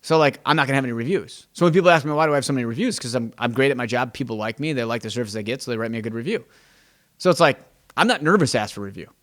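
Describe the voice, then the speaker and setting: A man with a medium-pitched, slightly bright voice talks very fast and animatedly as a real estate agent hosting a podcast. His casual, emphatic monologue stumbles and repeats words while he thinks aloud, and he acts out quoted exchanges with clients.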